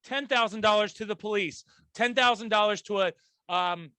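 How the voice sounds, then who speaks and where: High bright-voiced man in casual chat. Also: normal speed, clear, resonant tone, no room sound. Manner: animated, swearing, laughing. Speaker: podcast co-host.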